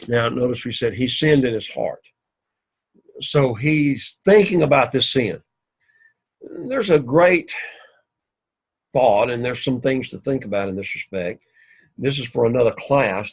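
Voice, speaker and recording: Husky-voiced man teaching a class. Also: medium pitch. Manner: methodical, repetitive explaining. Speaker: Greek teacher. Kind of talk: classroom lecture.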